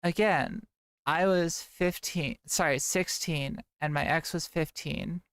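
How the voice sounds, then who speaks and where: A woman's voice: deep voice, slow pace, clean tone, no room sound, studio quality. A young woman streamer chatting casually and rambling as she reads her chat aloud.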